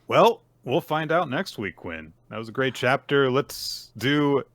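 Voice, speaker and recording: A man's voice: medium pitch, measured pace, no echo. A man co-hosting a casual podcast, recapping manga chapters and acting out quotes. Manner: animated, acts out character quotes. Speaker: podcast co-host.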